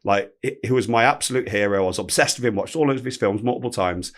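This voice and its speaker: A man, telling a story as a podcast guest, animated and swearing freely. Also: fairly low pitch, fast talker. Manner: animated anecdote-telling, swears freely, acts out quoted speech. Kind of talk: casual storytelling.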